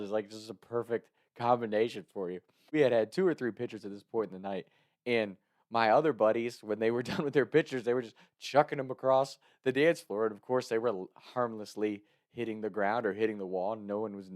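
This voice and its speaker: A young man tells a story in a relaxed, chatty way and breaks into small laughs along the way. His voice sits a bit low, and it sounds close and dry, with no room echo. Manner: chuckles often while telling a story. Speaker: podcast host. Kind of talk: casual storytelling.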